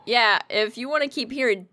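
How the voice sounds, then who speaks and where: A woman co-hosting a chatty podcast, animated and swearing freely as she tells her story. Her voice is bright and forward, and the recording is close and dry with almost no room sound. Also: on the high side, normal speed, dry recording. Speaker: podcast co-host. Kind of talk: casual chat.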